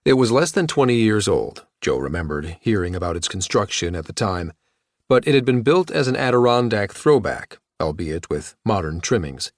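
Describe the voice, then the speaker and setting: A male narrator reads a novel aloud in a measured, even delivery. His voice sits low and the recording is close and dry. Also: no echo. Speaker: audiobook narrator. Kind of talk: scripted narration.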